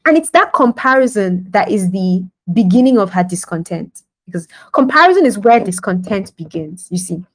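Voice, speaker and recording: A woman preaches a devotional podcast sermon in a loose, conversational way. Her voice sits at a middle pitch, and she breaks into laughter and acts out little scenes as she goes. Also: lively intonation, moderate pace, poor audio.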